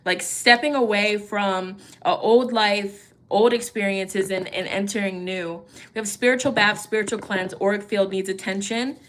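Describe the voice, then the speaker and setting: A woman's voice: medium pitch, fairly even intonation, normal speed, slight background noise. A woman giving a casual livestream tarot reading, chatty and encouraging, often saying "you know" and "okay?". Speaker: tarot reader.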